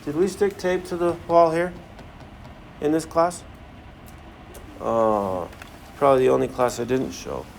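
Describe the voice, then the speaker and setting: A man's voice: a little high, a little slow, vocal fry, pauses often, slight background noise. A man teaching a science class, firing questions at the students and joking as he runs a demonstration in a classroom. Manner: asks the class many questions, jokey.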